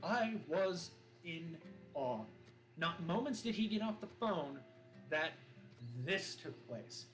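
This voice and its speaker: A male streamer telling a dramatic story in an animated way. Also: a little high, slow pace, long pauses, echoey room, poor audio. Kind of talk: improvised spoken storytelling. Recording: voice over loud background music.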